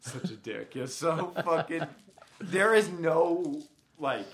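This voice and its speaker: Male co-host, somewhat raised pitch, casual and halting, swears easily. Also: lively intonation, fairly bright tone. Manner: loose, hesitant, profane banter. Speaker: podcast co-host. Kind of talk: casual sports podcast chat.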